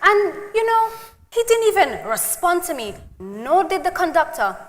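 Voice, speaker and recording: A woman's voice: extremely high pitch, sing-song, moderate pace, in a large hall. A woman with a British accent playing a complaining, easily alarmed woman back home from England in a comedy skit. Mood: fussy.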